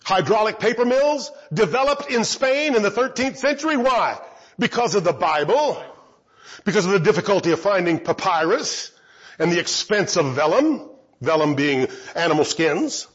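A man's voice: high-pitched, expressive, normal speed, husky, highs cut off. A man giving a Bible teaching talk, asking rhetorical questions and answering them himself.

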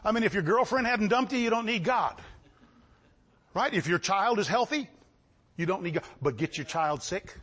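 A man preaching a sermon, swinging between shouted lines and low asides. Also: animated, normal speed, breathy edge.

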